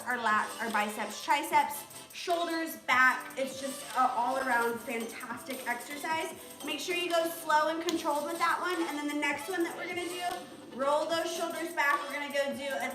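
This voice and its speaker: A young woman leading a live home workout as a fitness instructor, chatty and full of "um" and "like.". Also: high-pitched. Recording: echoey room with music playing. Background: music.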